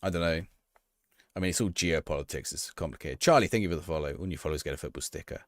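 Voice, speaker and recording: A man's voice: very deep voice, quick pace, dry recording. A man streaming a football management game live, reacting to the action and chatting with his viewers.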